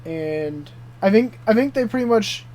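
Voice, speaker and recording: With an unhurried delivery and a voice that sits high, a young adult man co-hosting a podcast gets excited recapping a TV show. It's casual chat loaded with swearing and the fillers "dude" and "like."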